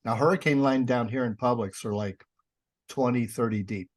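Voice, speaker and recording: Speaking at a moderate pace in a mid-range voice, a middle-aged man appears as a guest on a podcast. He's a paranormal investigator and author, and he casually shares sarcastic, wry stories while acting out what people said.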